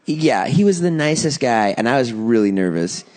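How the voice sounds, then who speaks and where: A man's voice: medium pitch, normal speed. A middle-aged father co-hosting a podcast, telling a story in a casual way and acting out the people in it. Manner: animated storyteller acting out others. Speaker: podcast co-host.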